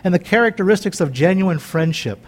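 A man's voice: high-pitched, lively intonation, fairly quick. A man in his fifties preaching in a folksy, conversational way, joking and wandering into chatty asides. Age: 50s. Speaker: pastor.

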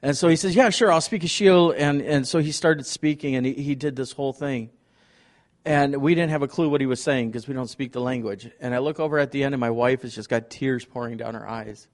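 A middle-aged man speaking as a visiting ministry leader at a church, telling stories in an excited, rambling way. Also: mid-range voice, fairly quick. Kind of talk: testimony talk to a congregation.

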